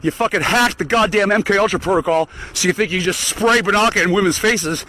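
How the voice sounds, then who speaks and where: Male solo ranter, furious and foul-mouthed, vocoder effect, sharp tone. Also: high-pitched, a little fast, slight background noise, poor audio. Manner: angry, profane, swearing constantly. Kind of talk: solo ranting monologue.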